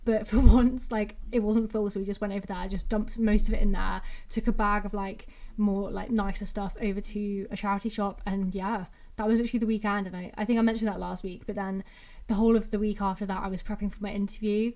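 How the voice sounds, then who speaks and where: On her own podcast, a young English woman in her twenties rambles through casual solo chat, using "like" all the time. Her Brummie and Mancunian accent comes through a medium-pitched, darkish voice that's a little fast and shows little pitch movement.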